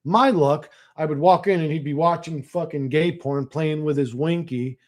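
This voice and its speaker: A man's voice: fairly high pitch, normal speed. A young man ranting crudely on a casual livestream, rambling and slangy, slipping into mocking impressions. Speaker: streamer answering chat. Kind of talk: profane casual livestream rant.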